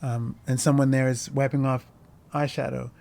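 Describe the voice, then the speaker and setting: A man in the host's chair, talking through a film he loves in a loose, unscripted way. He stops and restarts his sentences often and leans on fillers, and he sounds sincerely moved by what he describes. His pitch sits in an ordinary middle range. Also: little pitch movement, gravelly, darkish tone. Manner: rambling, halting, many restarts and fillers; earnest, emotionally moved. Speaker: film discussion host. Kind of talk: casual film commentary.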